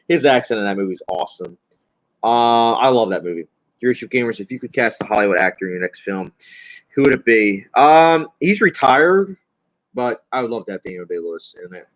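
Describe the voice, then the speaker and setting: A man's voice: medium pitch, lively intonation, normal speed, a bit bright, muffled recording. A young man answering viewer questions in a casual livestream, rambling and chatty with many fillers and a nervous, self-described anxious manner. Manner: rambling, chatty, frequent fillers, laughs often.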